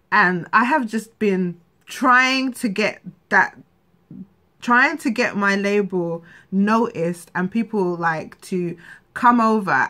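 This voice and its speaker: A woman talks straight to camera in a candid, rambling vlog. Her pitch sits in the middle of the range. She sounds worn down and frustrated, often breaking off and restarting her sentences. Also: bright, forceful tone. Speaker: vlogger.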